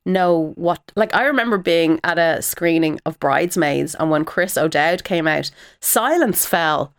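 Chatty Irish woman with a lowish voice. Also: unhurried. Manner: animated and chatty, with frequent fillers. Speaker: actor and former TV presenter, interview guest. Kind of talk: casual interview chat.

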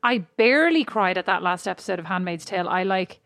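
An Irish woman in her thirties co-hosts a podcast, chatting and telling stories with lively quoted asides. She sits close to the mic in a dry, deadened room. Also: fairly low pitch, fast, no echo. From Ireland. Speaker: podcast co-host. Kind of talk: casual chat.

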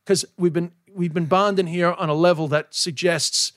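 A man's voice: high voice, fairly even intonation, moderate pace, fairly bright tone, no room sound, clean studio sound. A man with an American accent, a comedian talking as a podcast guest in a frank, self-mocking way with plenty of swearing. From New York, USA. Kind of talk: candid casual chat.

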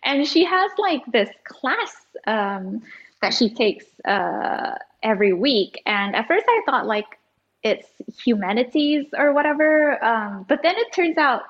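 A woman in her thirties chats as an author guest, giggling often and trailing off into fillers. Her voice sits a bit high, and the sound is dull and lo-fi. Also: animated, a little slow. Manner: giggly, chatty, many fillers. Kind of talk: casual interview chat.

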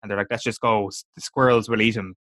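A man's voice: fairly low pitch, fairly even intonation, fast, a bit bright, dry recording. A man hosting a casual podcast, recapping a TV episode scene by scene and quoting the characters. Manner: chatty, recounts scenes, quotes characters.

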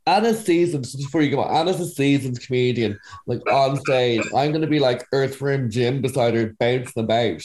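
A man's voice: mid-range voice, a little fast, few pauses, a little mellow, poor audio. A man co-hosting a podcast, eagerly asking the guest short questions. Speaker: podcast co-host. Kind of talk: casual podcast chat.

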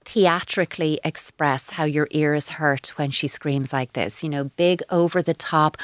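Woman, lower voice, parenting expert on a dry studio mic, playful explainer. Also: steady tone, a little slow, hardly any pauses, no echo. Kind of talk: advice radio chat.

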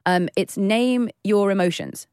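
A woman's voice: mid-range voice, measured pace, darkish tone, clean tone, no room sound, studio quality. A woman co-hosting a podcast, chatting casually, jokey and often breaking off mid-sentence. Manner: chatty, self-interrupting, jokey. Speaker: podcast co-host. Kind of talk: casual chat.

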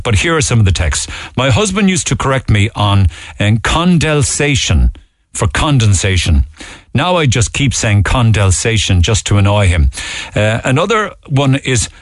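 A Cork Irish man hosts a morning radio phone-in, chatty and amused as he reads out texts. His voice sits low but swings up and down a lot. The studio sound is dry and close. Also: very animated, moderate pace, dry recording. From Ireland. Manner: chatty, amused, often laughing. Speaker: radio show host. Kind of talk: talk radio, reading listener texts. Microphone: studio microphone.

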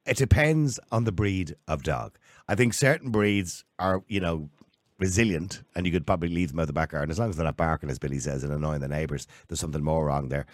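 A man hosting a talk radio discussion, brisk and chatty as he steers the conversation. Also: rumbling low, no room sound. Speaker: radio show host.

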